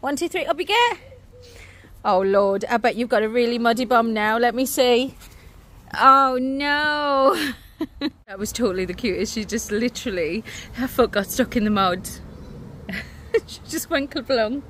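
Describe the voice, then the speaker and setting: Chatty woman, bright higher voice. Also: a little slow. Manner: chatty, laughs often, expressive. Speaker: vlogger and mother. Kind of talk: casual chat to camera. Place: outdoors in a garden.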